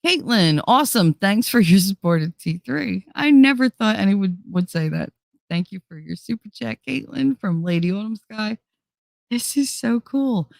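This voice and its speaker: A woman's voice: medium pitch, lively intonation, moderate pace, creaky, no echo, clean studio sound. A woman hosting a casual livestream, blunt and profane, reading chat aloud while tired and running on fumes. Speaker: livestream host.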